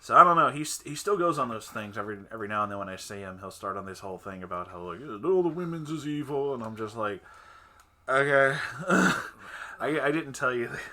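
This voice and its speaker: Lively bright-voiced man telling stories. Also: on the low side, fast talker. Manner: animated storyteller, laughs often, acts out quotes. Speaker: podcast host. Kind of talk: casual chat.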